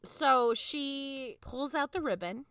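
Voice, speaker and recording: A woman's voice: sits high, slow, fairly bright tone, dry recording, studio quality. A young woman co-hosting a podcast, chatting casually and telling the plot with sassy asides and laughs. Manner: laughing, sassy storytelling with acted quotes. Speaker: podcast co-host. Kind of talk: casual chat recapping a film.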